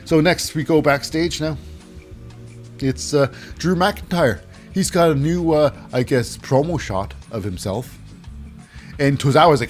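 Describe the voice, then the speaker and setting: A man giving a casual wrestling recap, animated, with hesitant fillers and silly voices. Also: a little high, a little slow, soft background music.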